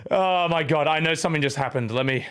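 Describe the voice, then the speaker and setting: A man in his thirties, out of breath, chatting casually on his stream and shouting out thanks to his viewers. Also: a little high, quick pace, smooth. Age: 30s. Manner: breathless, thanking chat with loud shout-outs.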